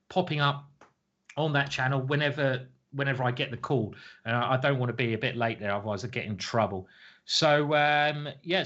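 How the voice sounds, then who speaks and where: A man's voice: mid-range voice, a bit bright, lo-fi sound. Chuckling, rambling man streaming chess commentary. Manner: rambling and jokey, chuckling at his own stories. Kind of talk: casual live-stream chat. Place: home streaming setup.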